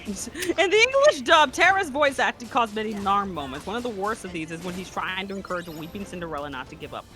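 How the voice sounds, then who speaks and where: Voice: medium pitch, sing-song, quick pace, music in the background. A streamer hosting a game stream, reading critique aloud and often breaking into giggles. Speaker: streamer host.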